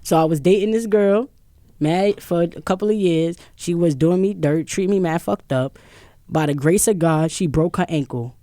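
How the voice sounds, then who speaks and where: A woman's voice: fairly low pitch, normal speed, mellow, no echo. A woman hosting a casual podcast, talking loosely with profanity and laughs. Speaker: podcast host. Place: studio round table.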